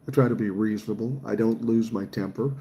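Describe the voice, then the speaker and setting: A man's voice: fairly low pitch, fairly even intonation, a little fast, mellow, slight background noise. A man, chatting casually on a livestream and reading viewer comments aloud, swearing freely. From Minnesota, USA. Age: 60s. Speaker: livestream host reading chat.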